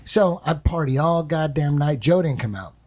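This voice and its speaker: A man's voice: fairly high pitch, animated, normal speed, a little mellow. A man telling a long story on a podcast in a casual, rambling way, swearing often and repeating himself. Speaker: podcast guest.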